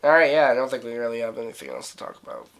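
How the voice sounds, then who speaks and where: A man's voice: medium pitch, expressive, rapid-fire, a bit bright. A man co-hosting a casual film review podcast, laid-back and questioning. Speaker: podcast co-host.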